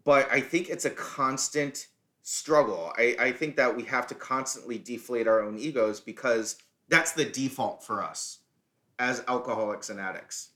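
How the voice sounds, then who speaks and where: A man with a bright, forward voice speaks on a podcast in casual chat. He is frank, steady and reflective. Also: medium pitch, normal speed.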